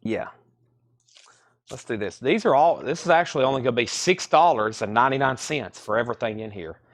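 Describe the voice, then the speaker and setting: A man hosts a live vinyl sale from inside a record store. He talks at an ordinary mid pitch in easygoing sales patter, rattling off album titles and prices as he walks the shop floor. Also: expressive, a little fast.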